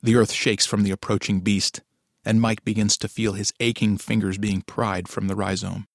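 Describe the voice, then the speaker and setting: A man narrating a dark story in a low, measured storytelling voice. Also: little pitch movement, gravelly, no room sound, clean studio sound. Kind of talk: dramatic audiobook narration.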